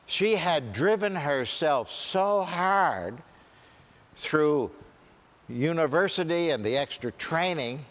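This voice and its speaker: A man's voice: on the high side, expressive, slow pace, fairly bright tone. A man giving a conversational church seminar talk at a camp meeting, often checking in with "right?" and restarting his sentences. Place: large meeting hall. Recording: long hall reverb.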